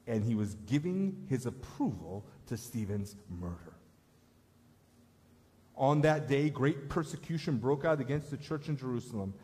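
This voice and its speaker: A man's voice: fairly high pitch, darkish tone. A man preaching a sermon as pastor, telling a story in an earnest way that rises to emphatic appeals, in a church sanctuary. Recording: echoey church hall.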